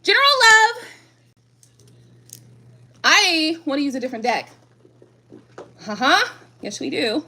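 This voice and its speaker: A woman's voice: high voice, very animated, measured pace, pauses often, sharp tone. A middle-aged woman reading tarot on a live stream, chatting casually in slang and laughing often.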